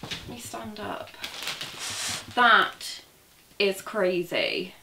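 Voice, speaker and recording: A woman chatting excitedly in a casual vlog, gushing as she unboxes a parcel, a little away from the camera. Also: mid-range voice, drawn-out words, creaky, roomy sound, background noise. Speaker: crochet vlogger. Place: indoor room at a table. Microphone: camera set back from her.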